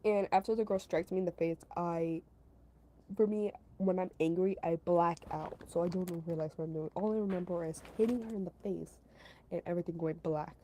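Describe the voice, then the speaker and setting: A woman's voice: on the low side, steady tone, fairly quick, mellow, slight background noise, poor audio. A woman casually telling a story to her stream chat, rambling, repeating herself and padding her talk with fillers. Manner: talks to her chat between story parts.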